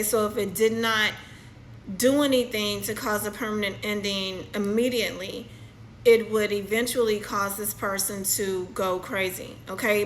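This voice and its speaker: Bright-voiced woman narrating a vision. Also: medium pitch, a little hiss or hum, rough recording. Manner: halting, repeats phrases, checks in with "okay?". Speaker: spiritual channeler. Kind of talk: channeled reading, narrating a vision.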